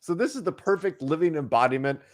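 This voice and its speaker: A man's voice: fairly high pitch, fast. Rambling joking male podcast host. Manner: rambling, joking, many restarts and fillers. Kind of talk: casual chat.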